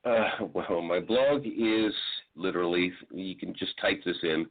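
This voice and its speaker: A man with a very deep voice joins a talk show as a guest and explains his point calmly and casually. The sound is thin and narrow, like a phone call. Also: unhurried. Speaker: guest and blogger. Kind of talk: casual chat. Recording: tinny phone-like line.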